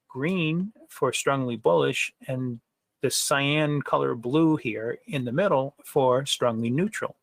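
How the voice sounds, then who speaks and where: Guy with a gravelly voice doing a casual trading webinar, lots of um and uh, asks the audience questions. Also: mid-range voice, no echo. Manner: conversational, frequent fillers and rhetorical questions. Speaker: trading software presenter. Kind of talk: webinar presentation.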